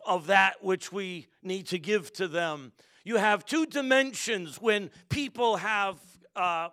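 Middle-aged male pastor, high smooth voice, animated preaching with call-and-response. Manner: animated storytelling, calls congregation to respond. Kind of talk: sermon with personal story.

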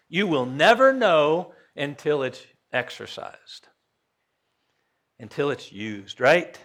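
A man preaching a sermon as pastor, folksy, questioning his congregation and rising to loud emphasis. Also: mid-range voice.

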